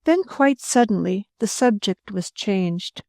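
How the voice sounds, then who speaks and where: Slow, measured woman audiobook narrator. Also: mid-range voice, lively intonation, creaky, a little mellow, no room sound, clean studio sound. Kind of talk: scripted narration.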